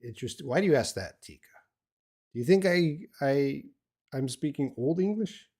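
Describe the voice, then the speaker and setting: Speaking at a moderate pace in a fairly high voice, an older English teacher with an Australian accent fields viewer questions in a live stream lesson. He rambles casually, filling his answers with restarts and fillers.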